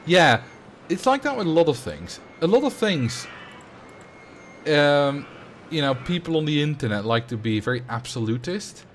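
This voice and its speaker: A man's voice: on the high side, big pitch swings, normal speed, a little hiss or hum. A man from the Netherlands with a Dutch accent, chatting casually on a game livestream and rambling with fillers as he reacts to chat. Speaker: streamer.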